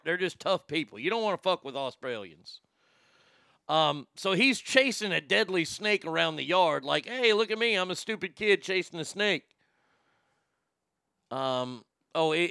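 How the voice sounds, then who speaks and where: A man's voice: on the high side, creaky, sharp tone, smooth, dry recording. A man co-hosting a podcast, rambling through news stories in crude, profane, casual commentary. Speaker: podcast co-host.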